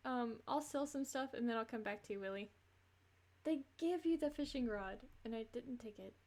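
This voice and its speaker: A woman's voice: fairly high pitch, moderate pace, darkish tone. A woman streamer giving casual, rambling gameplay commentary, laughing between thoughts.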